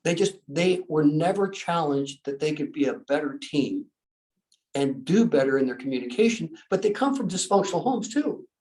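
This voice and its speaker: A man's voice: fairly high pitch, a little mellow. Chatty storytelling man, a bit off-mic. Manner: chatty, laughs while telling stories, acts out dialogue. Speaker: guest speaker. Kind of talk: casual storytelling. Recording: distant from the mic.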